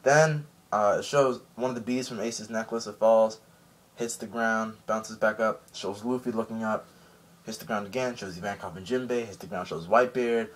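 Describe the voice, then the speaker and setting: A man reviewing an anime episode in a casual recap, animated and rambling with many fillers. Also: on the low side, normal speed.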